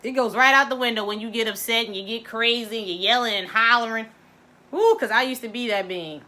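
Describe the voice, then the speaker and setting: A middle-aged woman from Baltimore, a mindfulness coach giving an animated motivational talk to her viewers, laughing often and swooping in pitch. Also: fairly quick. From Baltimore, United States.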